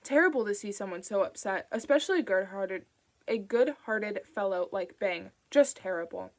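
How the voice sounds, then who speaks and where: A woman voicing a calm, falsely kind sinister man who speaks in a patronizing tone. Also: medium pitch, moderate pace, lightly acted. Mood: smooth patronizing.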